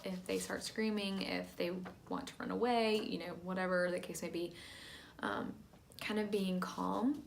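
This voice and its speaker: Young woman teacher, calm instructional talk, some vocal fry, faint noise underneath. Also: mid-range voice. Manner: calm, plain, many "um" fillers. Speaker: teacher training church volunteers.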